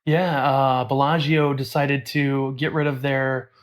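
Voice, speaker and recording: Man, mid-pitch, candid opinionated co-host, easy laugh. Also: level tone, slow. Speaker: podcast co-host, airport bartender. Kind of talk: casual chat.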